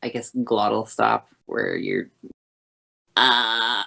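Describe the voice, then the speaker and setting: A woman voice coach talks slowly, with a gravelly, creaky edge in her voice. She explains vocal exercises haltingly, stopping often to correct herself. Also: extremely low pitch, fairly even intonation, sharp tone. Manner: halting, with many fillers and self-corrections. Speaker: voice teacher.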